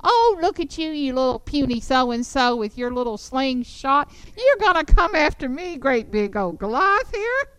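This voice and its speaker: A woman's voice: high voice, very animated, a little slow, few pauses, a bit bright, no echo, voice pushed up, exaggerated voice, rough recording. A woman putting on a boastful, scornful giant. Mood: taunting. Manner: taunting, scornful. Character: boastful giant male warrior mocking a boy.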